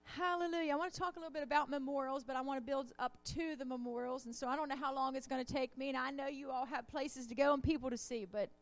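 A high-voiced woman preaching a sermon, leaning into call-and-response with the congregation. Her delivery builds with fervor as she calls out amens and hallelujahs. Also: fairly even intonation, fast talker, few pauses.

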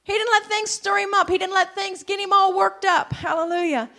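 A woman preaching a sermon. Her voice sits very high, and she swells from conversational asides into fervent, shouted declarations punctuated by hallelujahs. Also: fairly even intonation, brisk, creaky. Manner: rising to shouted fervor, calls of hallelujah.

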